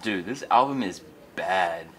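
A man's voice: low voice, lively intonation, a little slow, very noisy. A young man acting in a casual school skit, bantering in slangy, teasing lines. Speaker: skit actor.

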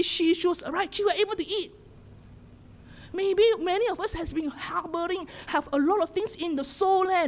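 Singaporean woman pastor preaching passionately. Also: very high-pitched. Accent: Singaporean English. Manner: impassioned, shifts between loud exhortation and hushed whispers. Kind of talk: sermon. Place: church sanctuary.

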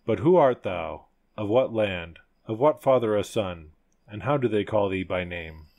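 A man's voice: lowish voice, expressive, a little slow, vocal fry, darkish tone. A man voicing a stern, angry tsar who scolds in archaic storybook phrases. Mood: indignant. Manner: indignant archaic storybook speech. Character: stern angry male tsar, middle-aged ruler.

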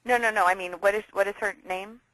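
A woman hosting a casual business interview, enthusiastic and talking in quick bursts. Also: medium pitch, steady tone, fairly bright tone, no echo, low-quality recording. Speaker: interview host.

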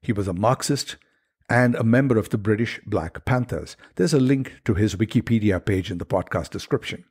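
A man hosting a podcast, reading a scripted introduction with a deliberate, slightly ironic delivery. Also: fairly low pitch, darkish tone, breathy edge. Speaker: podcast host.

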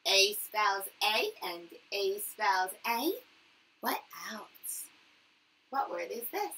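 A woman teaching young children in a video lesson, cheerful and sing-song, spelling words out slowly. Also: medium pitch, animated, gravelly, sharp tone, slightly rough, poor audio. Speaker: kindergarten teacher.

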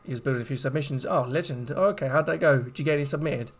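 A man's voice: medium pitch, rapid-fire. A man streaming a horror game, chatting casually and rambling to his viewers. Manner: chatty, rambling, addresses chat. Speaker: gaming streamer. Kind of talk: casual live-stream commentary. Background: game music.

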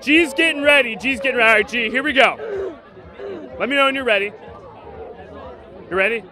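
A man hosting a high school football show, calling highlights and hyping up fans with shouted catchphrases. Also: brisk. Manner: energetic hype, shouts catchphrases, eggs on the crowd. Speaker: sports show host. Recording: loud crowd and music at a stadium. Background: cheering crowd and music.

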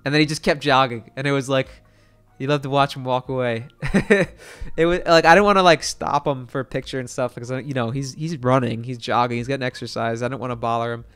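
A man's voice: mid-range voice, a little fast, smooth. Young guy streaming, rambly and hyped, swears a lot, clean voice. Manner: excitable, rambling, lots of fillers and swearing. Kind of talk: casual storytelling to stream chat.

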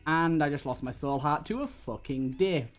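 A young British man talks through a live game stream in a fairly high voice, grumbling and swearing at every setback. Soft game music plays faintly underneath. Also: lively intonation, moderate pace. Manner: swearing, exasperated running commentary. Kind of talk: live gameplay commentary.

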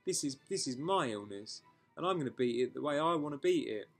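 Guy, casual confessional vlog, mid-pitched, blunt and sweary, faint music bed. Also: lively intonation, brisk. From England. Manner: frank, emotional, swears freely, talks in rambling restarts. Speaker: vlogger. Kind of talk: candid personal storytelling vlog.

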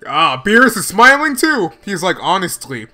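A man commenting live on a show as he watches it, talking casually with lots of slang and breaking into loud exclamations. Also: high voice, slow pace, soft background music. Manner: excitable, bursting into exclamations and laughs; slangy, casual filler talk. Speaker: reaction video host.

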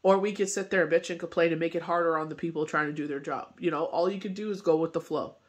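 A man's voice: fairly high pitch, fairly even intonation, fast talker. A man reading tarot cards in a casual spoken forecast, talking in a loose, rambling way full of fillers. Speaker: tarot reader and medium.

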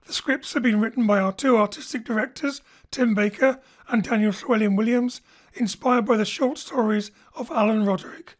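A woman announcer reading a scripted introduction in a measured, formal way, recorded in a home studio. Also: a little high. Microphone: home studio microphone.

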